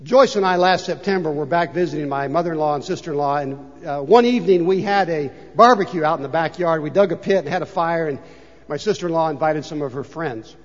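An older man preaching a sermon as a pastor, swinging between loud emphasis and hushed asides. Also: on the high side, fairly quick. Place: church sanctuary. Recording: dull reverberant church recording.

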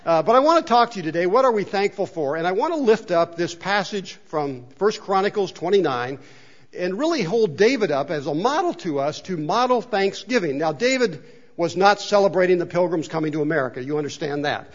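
A man's voice: high-pitched, animated, fairly quick, lo-fi sound. A man preaching a sermon in a chapel, talking conversationally and asking the congregation questions. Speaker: pastor. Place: church chapel.

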